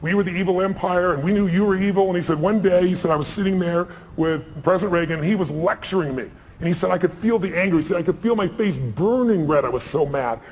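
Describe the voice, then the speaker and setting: Guy talking fast on stage, punchy stories, does the voices, big echoey hall. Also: sits high, darkish tone, slight background noise. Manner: fast, emphatic storyteller, acting out quotes. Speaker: speaker on stage. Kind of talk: stage conversation, storytelling. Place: large event hall with audience. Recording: reverberant hall, faint ambience.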